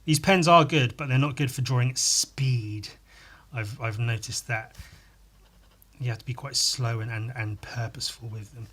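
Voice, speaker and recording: A man's voice: medium pitch, normal speed, a bit bright, breathy edge. A man casually chatting as he draws live for a podcast, rambling, muttering to himself and tossing in crude jokes. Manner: rambling, crude jokey asides, muttering while working. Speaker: podcast host drawing live. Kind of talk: casual chat while drawing.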